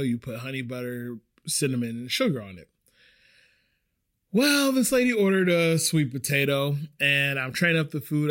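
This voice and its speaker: A young man hosting a podcast, telling a rambling, animated story about a bad work shift, swearing casually as he goes. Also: mid-range voice. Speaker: podcast host.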